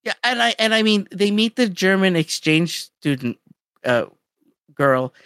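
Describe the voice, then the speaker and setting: A podcast co-host in casual chat, recapping a story in an animated way with lots of "like". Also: medium pitch, unhurried, clean tone, dry recording, studio quality.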